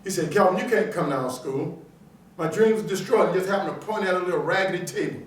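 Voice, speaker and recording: A man's voice: sits high, fast talker, slight background noise. A man from New Orleans with a New Orleans accent, giving a motivational keynote speech and acting out the people in his stories. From New Orleans, USA. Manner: animated storyteller acting out characters. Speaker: motivational speaker. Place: large auditorium. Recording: echoey auditorium from far off.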